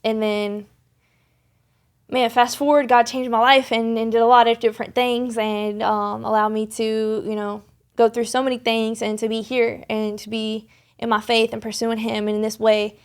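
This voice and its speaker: A young woman with a slightly high voice tells a personal faith story as a podcast guest. She talks earnestly and loosely, doubling back on her words and filling the gaps with ums and likes. Her tone is sincere and conversational, recorded in a studio. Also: level tone, normal speed, clear, resonant tone. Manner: earnest, rambling with many restarts and fillers.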